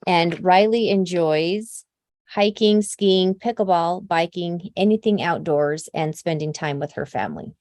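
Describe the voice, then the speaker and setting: A woman's voice: lowish voice, a little slow, darkish tone, dry recording. A woman from Idaho who founded the company, presenting casually and upbeat to her new team over a video call. She runs through long lists with lots of fillers and says openly that she tears up easily. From Idaho, USA.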